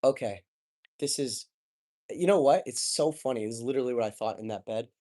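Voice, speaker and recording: A young man speaks as a podcast guest in a mid-pitched voice. He tells his story openly and with emotion, and he swears casually and keeps saying "like" and "bro." The delivery is loose and conversational. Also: brisk, mellow. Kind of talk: candid personal storytelling.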